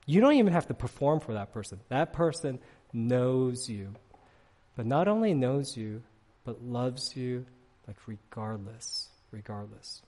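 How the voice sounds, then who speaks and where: A man's voice: mid-range voice, measured pace, in a large hall. A middle-aged man preaching a sermon to a congregation in a church, talking in a conversational way and often checking in with "right?" while he tells stories. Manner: conversational, animated storytelling with frequent "right?" asides. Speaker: pastor. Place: church sanctuary.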